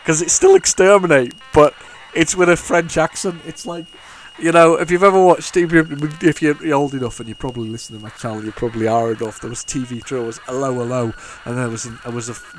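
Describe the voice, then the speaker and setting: Over a slight hiss or hum, this man speaks in a mid-range voice, fairly quickly and with few pauses. He's a retro gaming YouTuber chatting casually while playing old computer games, rambling and stumbling through frequent restarts.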